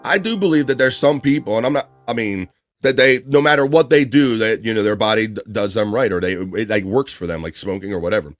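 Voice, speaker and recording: A man's voice: on the low side, fast, no room sound, soft background music. A man hosting a casual livestream, reading viewer messages aloud in a loose, chatty way. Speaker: livestream host reading chat. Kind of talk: casual chat.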